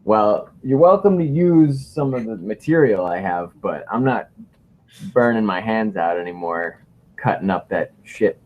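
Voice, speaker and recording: Livestream co-host, man, lively up-and-down delivery, rambling jokey chatter. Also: fairly low pitch, measured pace, muffled recording, a little hiss or hum. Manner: rambling, joking, reads viewer questions. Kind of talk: casual livestream chat.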